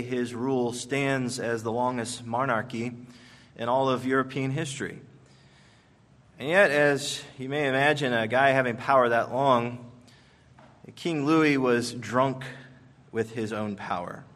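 A man preaching a sermon, telling it like a story with emphatic weight. His voice sits at a middle pitch, and he leans on measured pauses. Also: steady tone, a bit bright. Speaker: pastor.

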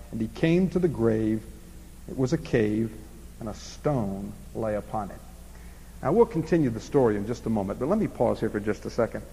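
A man preaching an expository sermon, swinging from emphatic passages to hushed ones. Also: mid-range voice, breathy edge, in a large hall, poor audio.

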